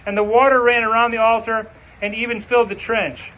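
A male pastor delivering a sermon, reading scripture and preaching with slow, emphatic, dramatic phrases. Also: very high-pitched, little pitch movement, a bit bright, rough recording.

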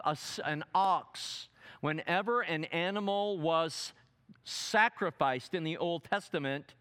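A man teaching a sermon seminar, dramatic, asking the audience questions and swinging from loud emphatic quotes to soft asides. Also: on the high side, smooth. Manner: asks the audience fill-in questions. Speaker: preacher.

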